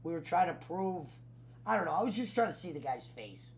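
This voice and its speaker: A man hosting a casual podcast chat, animated and laughing, stumbling over his words as he tells stories. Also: fairly high pitch, a little fast, creaky. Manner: animated, laughing, swearing, repeats himself. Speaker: podcast host.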